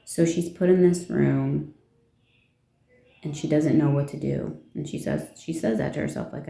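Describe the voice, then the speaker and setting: A woman's voice: low-pitched, steady tone, normal speed, creaky, dark tone, echoey room. A woman casually retelling a fairy tale from her notes. She rambles, asks rhetorical questions and gives her opinions along the way. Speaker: vlogger.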